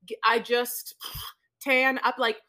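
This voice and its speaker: Woman podcast co-host, somewhat high voice, sassy and animated, throws in "honey". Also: slow pace. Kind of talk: casual chat recapping reality TV.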